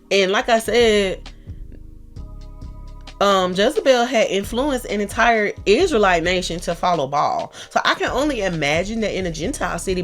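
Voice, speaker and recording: A woman's voice: mid-range voice, a bit bright. A woman retelling a story in a casual, joking way with lots of slang. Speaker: storyteller host.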